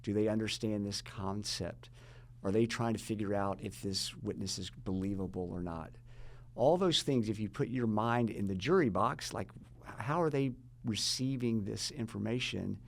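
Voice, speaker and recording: Middle-aged male consultant, lowish voice, methodical explainer. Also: moderate pace, vocal fry. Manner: methodical, rhetorical questions. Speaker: guest, jury consultant. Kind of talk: explanatory interview talk.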